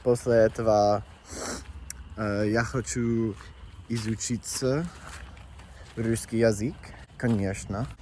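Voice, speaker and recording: A man's voice: on the low side, flat delivery, slow pace, pauses often, a little mellow, slight background noise. A young man vlogging while hiking outdoors, chatting casually in a rambling, joking, candid way into a phone camera.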